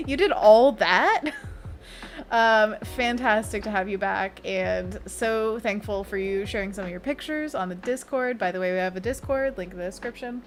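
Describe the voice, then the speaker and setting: A woman's voice: mid-range voice, normal speed. A woman hosting an art livestream, chatting casually and giggling while she draws and answers her chat. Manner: bubbly, giggly, chatty, reads chat aloud. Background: faint background music.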